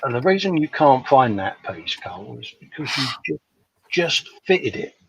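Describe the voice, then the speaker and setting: A man's voice: mid-range voice, sing-song, moderate pace, creaky, breathy edge, no echo, highs cut off. A man co-hosting a casual live chat, joking and laughing as he goes. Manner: jokey, laughs often. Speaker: co-host.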